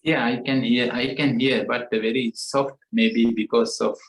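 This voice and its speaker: A man leading a meditation retreat group session, speaking gently and haltingly with fillers. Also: mid-range voice, fairly even intonation, reverberant, far from the mic, poor audio. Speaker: meditation teacher. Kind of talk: retreat group talk over a call.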